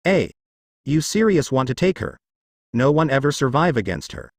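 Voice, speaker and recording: This is an eager young male devil trainee offering creatures to newcomers in a storybook reading. A man reads his part in his own voice. The pitch moves a lot, on a dry, close mic. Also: sing-song, moderate pace, dry recording.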